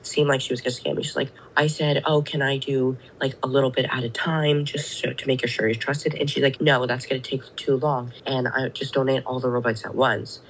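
A woman's voice: very deep voice, slight background noise, poor audio. A woman guest telling a story casually, rambling and filling with "like". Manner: rambling, fills with "like". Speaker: guest friend.

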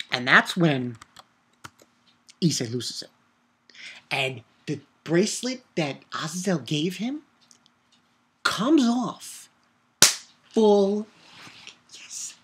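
A man giving a casual video review of an anime episode, excitable and rambling, swearing and shouting out his own reactions. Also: a little high, husky. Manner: rambling with restarts and filler.

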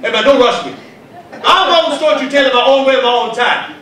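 A man voicing a brash, touchy man from an unnamed country who talks loudly and defensively, recorded in an echoey venue from far off. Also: very high voice, fairly quick, a little hiss or hum. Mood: indignant. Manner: loud, defensive, indignant.

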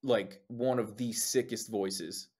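A slightly rough, fairly low voice at a slow pace belongs to a young New Jersey singer sitting in as a guest. In casual talk he tells stories animatedly, swears frequently, and dramatizes what people said to him.

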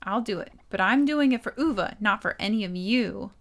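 A woman's voice: medium pitch, animated, a little fast, natural voice. A woman voicing a sulky, rebellious teenage girl who answers with bratty, exasperated retorts, reading video game dialogue. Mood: impatient.

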